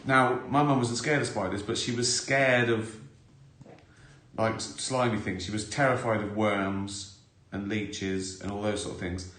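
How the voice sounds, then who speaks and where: Male host, low voice, loose rambling anecdotes, self-mocking, echoey room. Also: fairly even intonation, unhurried, fairly bright tone. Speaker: live stream host. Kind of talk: casual anecdotal chat. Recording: roomy echo.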